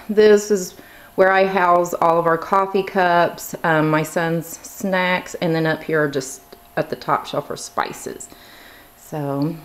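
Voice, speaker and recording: A woman in her thirties giving a casual tour of her home kitchen, chatty with lots of ums and likes, a little out of breath, filming as she walks around. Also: lowish voice. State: slightly out of breath. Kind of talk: casual walkthrough narration.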